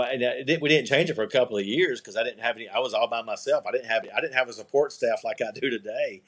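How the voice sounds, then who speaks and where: A middle-aged man, a podcast guest, telling a rambling story in a casual interview, restarting sentences and acting out quoted dialogue. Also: mid-range voice. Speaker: podcast guest, eyewear company owner.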